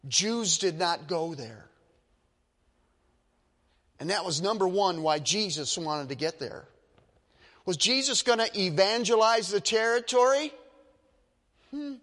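A male pastor delivers a sermon through emphatic, dramatic storytelling that builds to forceful peaks. His high, bright voice is animated yet slow, with frequent pauses and a long hall reverb trailing each phrase.

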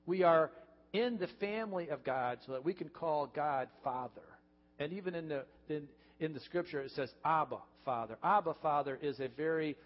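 A pastor preaching a heartfelt sermon, earnest and repetitive, building to emphatic points. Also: male voice, medium pitch. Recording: dull reverberant church recording.

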